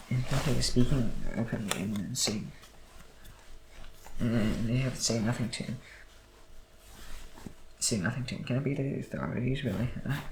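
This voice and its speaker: A man reading scripture aloud at a quick pace, stumbling and restarting now and then. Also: medium pitch, a little hiss or hum. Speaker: Bible reader.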